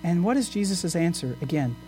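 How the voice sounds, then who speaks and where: A man's voice: high-pitched, animated, fairly quick, mellow, a little hiss or hum. Earnest male pastor preaching a sermon. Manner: earnest, asks the congregation rhetorical questions.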